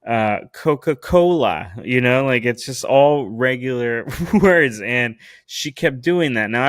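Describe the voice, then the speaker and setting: A man's voice: medium pitch, no room sound, studio quality. A man hosting a podcast, telling a story in a casual, comedic way. He swears a lot, rambles, and often restarts his sentences. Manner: profane, rambling, with frequent restarts. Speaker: podcast host.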